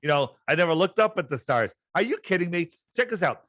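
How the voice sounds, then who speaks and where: A man's voice: high-pitched, sing-song, quick pace, a bit bright, no room sound. Emphatic, incredulous man on a dry mic. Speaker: host. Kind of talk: animated podcast chat.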